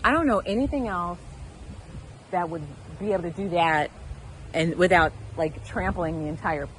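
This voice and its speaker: Vlogging from her outdoor garden, a woman with a Southern American accent talks straight to the critters, exasperated and airing her frustration. Her voice is fairly low and her speed normal. The low-quality recording has slight background noise.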